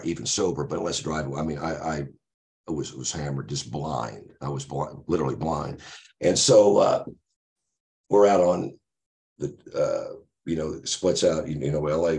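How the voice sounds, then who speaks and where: A man's voice: very deep voice, darkish tone. An older man, a musician guest, telling a rambling, laughing anecdote with lots of fillers.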